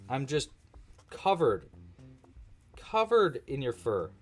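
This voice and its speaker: Lively, playful male crochet streamer. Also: medium pitch, slow, long pauses, slightly rough, soft background music. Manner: chatty and playful, chatting with his cat. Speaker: crochet instructor. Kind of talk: casual livestream crochet-along.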